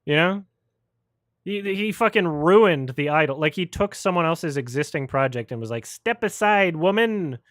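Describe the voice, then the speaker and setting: During a livestream film review chat, a man hosts with a slightly high, somewhat bright voice at normal speed. His rant about films is sarcastic and profane, peppered with mocking put-on quotes. The audio is a dry recording with clean studio sound.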